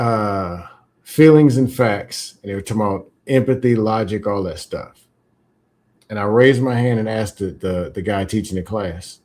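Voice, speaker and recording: A man hosting a casual conversation, telling candid stories about feelings in a reflective, unhurried way. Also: fairly low pitch, darkish tone. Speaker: podcast host.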